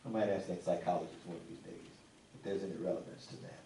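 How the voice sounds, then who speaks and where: A man preaching a sermon to a congregation, folksy and animated, teasing people in the pews. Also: low voice, fast talker, slight background noise. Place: church sanctuary. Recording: echoey room, mic at a distance, faint ambience.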